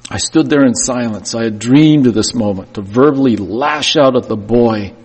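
A man's voice: mid-range voice, moderate pace, hardly any pauses, darkish tone, breathy edge. A man preaching a sermon and telling a hard story in the first person, his voice swelling and dropping with emotion. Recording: long reverb of a church hall.

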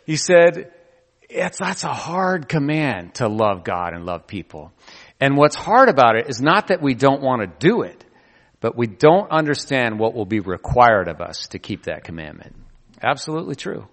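A man preaching a sermon as pastor, telling stories in an animated way and acting out quoted voices. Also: medium pitch, normal speed, in a large hall.

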